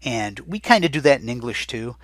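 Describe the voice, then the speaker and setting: A man teaches Spanish vocabulary on a recording with no room sound, his mid-range voice slightly bright and sing-song. He keeps it chatty, saying words slowly and repeating them so students can write them down.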